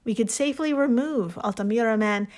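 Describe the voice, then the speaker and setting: Chatty woman podcast co-host, slightly high. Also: brisk. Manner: laughs often, chatty and wry. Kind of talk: casual chat.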